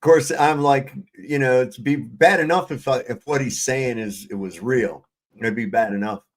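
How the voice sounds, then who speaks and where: A man's voice: medium pitch, moderate pace. A man hosting a casual livestream panel chat, telling stories in a loose, profane way and laughing often. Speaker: livestream host.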